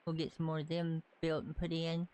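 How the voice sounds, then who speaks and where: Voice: medium pitch, completely flat delivery, brisk, darkish tone. Chatty streamer with a light Southern accent. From Southern United States. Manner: chatty, thinks aloud while building. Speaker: game streamer. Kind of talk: casual live-stream gameplay commentary.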